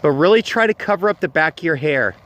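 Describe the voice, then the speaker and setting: A man's voice: on the high side, animated, fast, fairly bright tone. A man hosting a ghost-hunting vlog outdoors in a cemetery at night, talking into a handheld camera mic. He exclaims often and keeps repeating short phrases. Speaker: vlog host.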